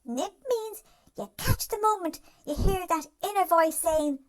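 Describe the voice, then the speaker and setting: A performer voicing a gentle, caring wise dog in a cartoon, giving soothing self-help narration straight to the listener. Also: very high voice, measured pace. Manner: soothing, reassuring, speaks to the listener directly.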